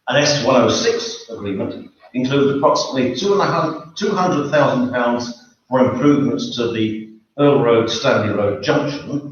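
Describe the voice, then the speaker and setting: A man from the public making a formal, measured comment at a council meeting, pausing often with fillers. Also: medium pitch. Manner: measured, hesitant with frequent fillers. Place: town council meeting room. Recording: echoey, dull room recording from far off.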